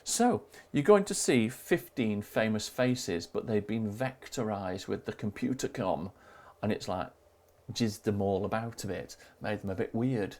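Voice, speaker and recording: A man's voice: on the low side, animated, measured pace, a little mellow. A man hosting a live online quiz, cheerily reading out scores and joking with players. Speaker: quiz host. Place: home live stream.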